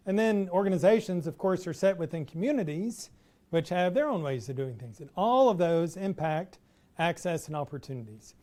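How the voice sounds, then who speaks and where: A middle-aged man with a Texas accent giving an academic talk to an audience in a relaxed, conversational way with frequent "uh" fillers. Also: high-pitched, moderate pace. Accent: Texan. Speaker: professor giving an installation talk.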